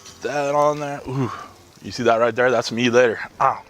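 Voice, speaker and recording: A man's voice: mid-range voice, steady tone, brisk, fairly bright tone, a little hiss or hum. A man hosting his own cooking channel, chatting enthusiastically as he talks viewers through each step. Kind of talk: casual cooking vlog.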